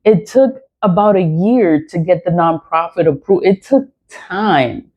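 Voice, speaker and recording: A woman's voice: lowish voice, expressive, a little slow. A woman talking casually and bluntly in a rambling vlog, repeating herself and swearing freely as she talks about her tarot reading. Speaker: YouTuber and tarot reader. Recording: dull lo-fi recording.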